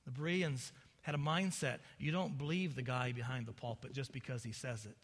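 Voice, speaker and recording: A male pastor preaching an impassioned sermon, building to loud peaks and dropping into folksy asides to the congregation. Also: medium pitch, fairly even intonation, brisk. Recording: long hall reverb.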